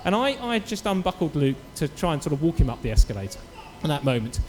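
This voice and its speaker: A man preaching a sermon in church, telling a story with lively acted-out quotes. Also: fairly high pitch, fast, in a large hall, background noise. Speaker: pastor.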